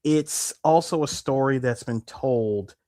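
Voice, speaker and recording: Animated man with a dry close sound. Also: mid-range voice, slow pace, no echo. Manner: animated, emphatic, laughs often, restarts mid-sentence. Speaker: podcast co-host. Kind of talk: casual chat.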